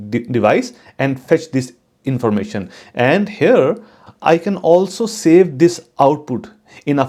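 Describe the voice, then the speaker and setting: A man hosting his own channel, giving a casual, unhurried tutorial on coding for network engineers, with frequent fillers and restarts. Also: mid-range voice, darkish tone. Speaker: channel host teaching network automation.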